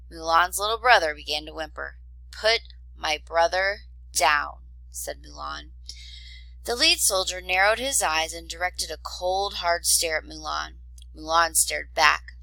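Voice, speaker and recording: Woman reading a kids story out loud, low-ish voice w some fry, dry close sound. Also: dry recording, rough recording. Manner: expressive read-aloud. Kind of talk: scripted storybook narration.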